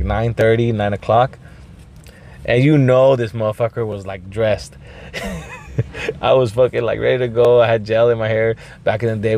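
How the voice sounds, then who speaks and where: A man hosting a podcast, telling a rambling story with lots of swearing, throat clearing and bits of Spanish. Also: fairly low pitch, darkish tone, a little hiss or hum. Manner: mixes in Spanish phrases. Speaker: podcast host. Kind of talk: casual storytelling monologue.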